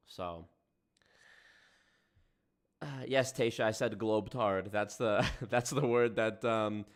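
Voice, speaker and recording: A man's voice: mid-range voice, a bit bright. Sarcastic, profane male livestream host. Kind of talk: casual stream commentary.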